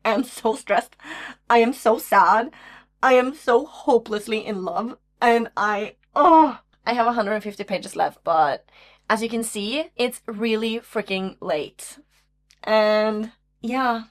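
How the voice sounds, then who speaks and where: A young woman chatting casually in a reading vlog, gushing and excitable, swearing often. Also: on the high side. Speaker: book vlogger.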